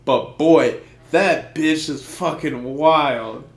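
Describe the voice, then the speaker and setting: A man's voice: a little high, drawn-out words. A young man co-hosting a podcast, telling loose, profane stories in casual chat. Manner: loose, profane storytelling with put-on quote voices. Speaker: podcast co-host. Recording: echoey room.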